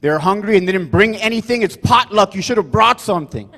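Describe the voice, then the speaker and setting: A man performing a rambling, loud stand-up set, forever adding "you guys" and "right?". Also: sits high, expressive, brisk, long reverb tail. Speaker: stand-up comedian. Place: comedy club stage.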